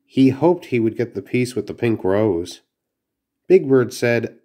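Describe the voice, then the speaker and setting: A man's voice: medium pitch, expressive, a little slow, mellow. A man reading a children's storybook aloud, carefully, with small slips and restarts. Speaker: narrator.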